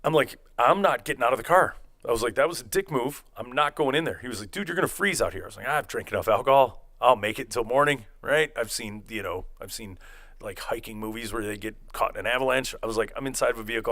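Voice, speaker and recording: A young man spins a rambling, profane story in casual podcast chat. His voice sits in an ordinary middle pitch, and he keeps jumping into animated acted-out quotes. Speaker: podcast host telling a story.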